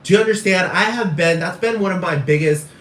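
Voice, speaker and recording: A man's voice: high-pitched, a little fast, a bit bright. A man ranting in a rambling, repetitive and profane casual monologue. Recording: echoey room, far from mic, faint noise.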